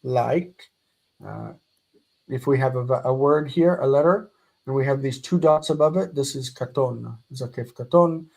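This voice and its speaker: A man leads a live grammar class, talking at a slow, unhurried pace. He explains patiently and repeats each example form. His voice sits in an ordinary middle pitch. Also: gravelly, a little mellow, poor audio. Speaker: Hebrew teacher.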